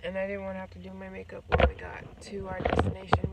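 A woman's voice: medium pitch, monotone, quick pace, gravelly, far from the mic. A tipsy woman chatting in a rambling way in a casual vlog. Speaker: vlogger. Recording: noisy background.

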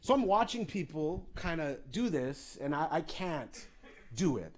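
A man's voice: on the high side, big pitch swings, measured pace. A man performing stand-up comedy, telling a self-mocking story with lots of asides.

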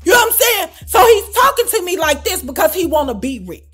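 A woman with a high voice tells a personal story straight to camera. She talks casually, with loud, exclamatory bursts and plenty of swearing. Her delivery stays animated the whole way through. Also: brisk, soft background music. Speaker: storytime vlogger.

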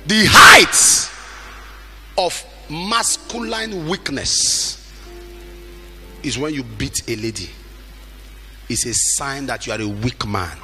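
Emphatic preacher man, bright voice. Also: mid-range voice. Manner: emphatic preaching, rising to shouts, acting out quoted speakers. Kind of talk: sermon.

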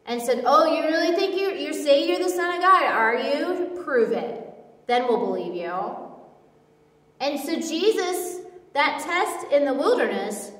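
A woman preaching a sermon in a conversational way, with lots of casual filler words. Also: fairly high pitch. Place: church hall. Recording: echoey hall from far off.

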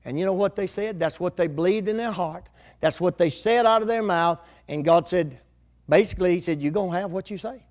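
Older male preacher, high voice, homespun conversational sermon delivery. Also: brisk. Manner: folksy, conversational preaching with rural grammar.

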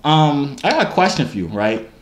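A man's voice: fairly high pitch, big pitch swings, normal speed, roomy sound. A twenty-year-old man from New Jersey, a YouTuber, boasting and joking in slangy casual banter on a phone video chat.

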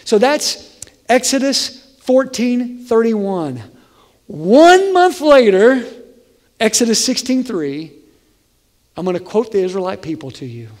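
A male pastor preaching a conversational, animated sermon in a church sanctuary. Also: very high voice, takes it slowly, long pauses. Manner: conversational, animated, acts out voices. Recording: long hall reverb.

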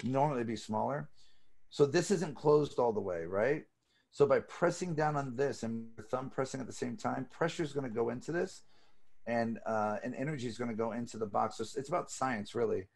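Gravelly man telling a magic story. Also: mid-range voice, brisk. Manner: swearing, animated storyteller. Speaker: magic lecturer. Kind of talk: casual storytelling lecture. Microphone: video call.

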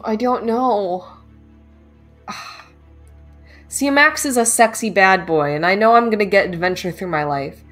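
Giggly young woman streamer. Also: medium pitch. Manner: playful, giggly, reads dialogue aloud. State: stuffy nose. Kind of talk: casual gameplay commentary.

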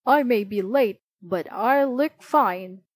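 A woman voicing a frantic, lost groom in fancy clothes, yelling in panic. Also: on the high side, takes it slowly, dry recording.

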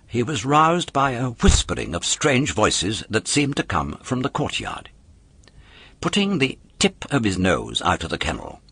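A man narrating a children's storybook in an expressive, animated way. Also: sits low, creaky, breathy edge, dry recording. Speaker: audiobook narrator.

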